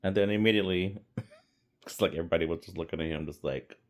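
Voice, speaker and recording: A man's voice: low voice, fast. A man casually reviewing a romantic comedy in a rambling, laid-back way, with frequent fillers and small laughs. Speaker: movie reviewer. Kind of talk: casual film review vlog.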